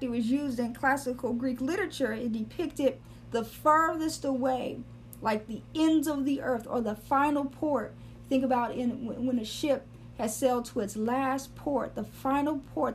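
A high-pitched woman gives an earnest Bible teaching and keeps circling back to stress key words. A faint hum runs under the recording. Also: darkish tone. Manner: earnest, repeats words for emphasis. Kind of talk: sermon-style Bible teaching.

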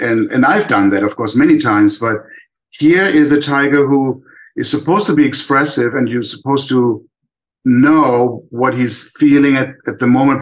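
Older man with a German accent, casual interview guest, mid pitch, stops and restarts a lot. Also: rough recording. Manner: thoughtful, many restarts and fillers. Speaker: animator guest.

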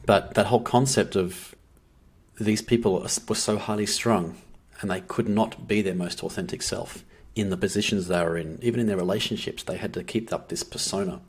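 A man's voice: lowish voice, steady tone, a little fast, slightly rough. A man who is a podcast guest, talking in an earnest, reflective way with many restarts. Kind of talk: casual podcast conversation.

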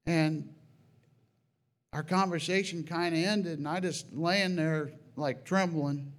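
Recounting a dream as religious testimony, a man speaks with fairly even intonation. He is earnest and halting with frequent restarts, and at the most emotional moments his voice rises high and loud.

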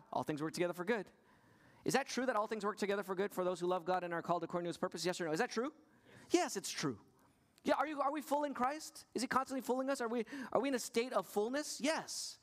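Delivering a sermon, a male pastor asks his congregation questions, his voice sinking to low softness before climbing back high and insistent.

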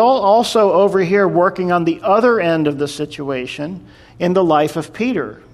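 Male pastor, sermon, casual storytelling tone, somewhat high pitch. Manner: conversational storytelling, explaining scripture.

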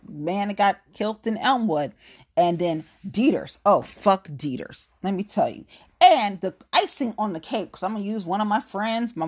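A woman's voice: medium pitch, breathy edge. Fired-up, blunt woman in her late thirties. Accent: African American English. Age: 30s. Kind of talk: casual political rant.

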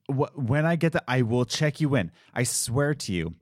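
Man, podcast host, casual storytelling, lively up-and-down delivery, dry close mic. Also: mid-range voice, a little slow, hardly any pauses, dry recording. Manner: animated, acts out quoted voices.

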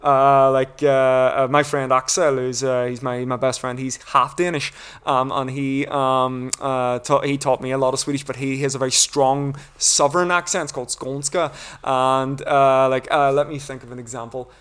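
A man's voice: medium pitch, level tone, normal speed, hardly any pauses, a bit bright, clean tone. A man from Northern Ireland with a Northern Irish accent, a podcast guest chatting casually and explaining things in a rambling, lecturing way. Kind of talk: casual conversation.

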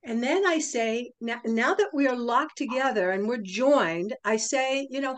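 A middle-aged woman, a podcast guest, talking in a fairly high voice. She explains her method step by step, pausing on purpose and leaning on her inflection. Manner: animated, explains step by step, deliberate pauses. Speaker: podcast guest, sales trainer. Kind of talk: casual interview talk.

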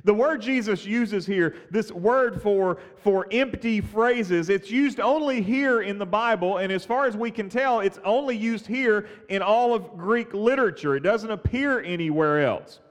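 Man, pastor, sermon, earnest, halting restarts, high voice, echoing church hall.

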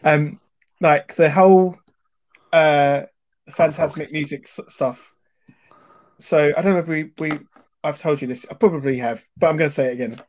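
A man with a fairly high voice co-hosts a podcast. He is enthusiastic and quick to apologise, and he rambles through his anecdotes. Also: darkish tone. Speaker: podcast co-host. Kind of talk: casual chat.

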